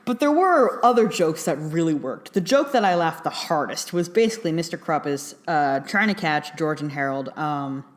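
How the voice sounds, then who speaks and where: A woman's voice: low voice, animated, moderate pace, hardly any pauses. A young adult woman giving a casual, chatty film review, full of fillers and little laughs. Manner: chatty, rambling, many fillers and giggles.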